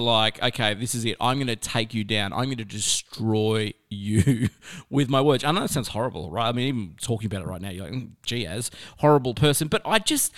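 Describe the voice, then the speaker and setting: Smooth-voiced man giving earnest youth advice. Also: mid-range voice, fairly bright tone. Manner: earnest, conversational, with anecdotes and scripture. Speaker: youth speaker. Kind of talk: motivational talk to teenagers.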